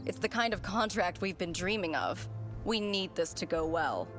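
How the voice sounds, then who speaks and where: A woman's voice: fairly low pitch, lively intonation, normal speed, music in the background, natural voice. An actress voicing a composed female business liaison in a video game, speaking in a businesslike way. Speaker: game character.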